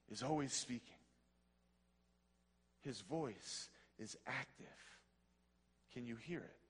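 A man giving an earnest devotional talk, telling a personal story, with delivery that swings between hushed and excited. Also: fairly high pitch, slightly rough, in a large hall. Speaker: speaker at a Christian health ministry.

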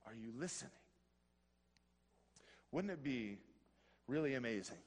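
A man giving an earnest devotional talk, telling a personal story, with delivery that swings between hushed and excited. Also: on the low side, moderate pace, pauses often, big-room sound. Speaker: speaker at a Christian health ministry.

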